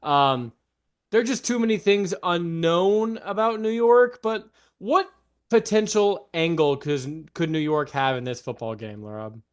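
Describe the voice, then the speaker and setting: A young man co-hosting a casual sports podcast, upbeat, with frequent fillers and emphatic pitch jumps. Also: measured pace, clear, resonant tone. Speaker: podcast co-host.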